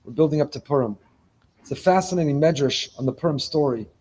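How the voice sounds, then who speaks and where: A man's voice: on the high side, fast talker, darkish tone, slightly rough. A man giving a sermon as a rabbi to a congregation in a synagogue, speaking emphatically, repeating key phrases and weaving in Hebrew terms. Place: synagogue before a live congregation.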